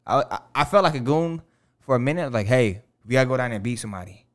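Here a man with a medium-pitched, expressive voice talks fast among friends. His long story wanders loosely, packed with profanity and filler words.

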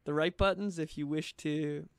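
Smooth-voiced man chatting loosely. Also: fairly high pitch, fairly even intonation, moderate pace, no room sound. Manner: loose, chatty, uses many fillers. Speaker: podcast guest, drummer. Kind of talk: casual conversation.

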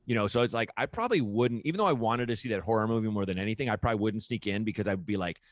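A young man with a fairly low voice tells stories in loose, rambling casual chat, full of filler words. He slips into quick impressions of other people as he goes. The sound is dry and close. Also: lively intonation, dry recording.

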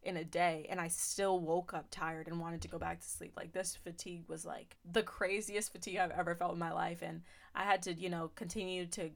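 A woman's voice: on the low side, little pitch movement, a little fast, gravelly, hardly any pauses. A young woman hosting a podcast, telling a personal faith testimony in an earnest, emotional way, with lots of fillers. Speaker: podcast host.

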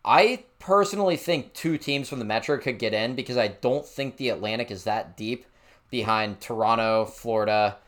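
Brief: male podcast co-host, mid-pitch, blunt jokey delivery with casual swearing. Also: moderate pace, a bit bright. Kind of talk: casual sports chat.

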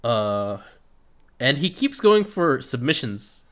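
Podcast co-host, man, laid-back recap voice, curses casually, mid-pitch. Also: big pitch swings, slow. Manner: laid-back, swears freely, trails off.

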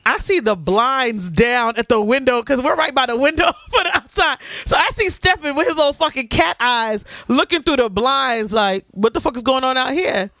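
A woman's voice: fairly high pitch, a bit bright, no echo. A woman co-hosting a casual podcast, telling a profane story and acting out everyone's lines. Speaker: podcast co-host.

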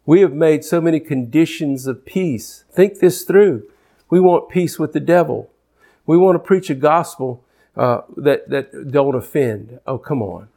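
A man's voice: a little slow, creaky. Emphatic preacher man, rising and dropping. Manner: emphatic, swings between loud declarations and low intense asides. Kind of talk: sermon.

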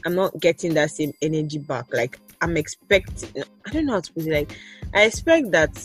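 A woman with a low voice chats with friends in a loose, playful way, often breaking into laughter. Faint music plays underneath. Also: lively intonation, fairly quick. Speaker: podcast co-host. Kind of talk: casual chat among friends.

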